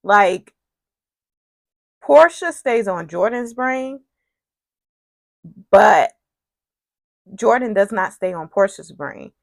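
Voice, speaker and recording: A woman's voice: mid-range voice, drawn-out words, vocal fry, pauses often, dry recording. Chatty, opinionated woman with a dry sound. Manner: chatty and opinionated, acts out quotes in a shifting voice; animated, voice jumps up when exasperated. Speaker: recap vlogger. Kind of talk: casual soap opera recap.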